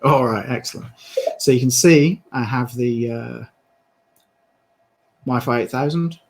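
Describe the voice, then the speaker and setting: British man demoing gear, gravelly voice. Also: medium pitch, low-quality recording. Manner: halting, with many fillers and restarts. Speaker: presenter demonstrating a headset. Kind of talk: live product demo on a video call.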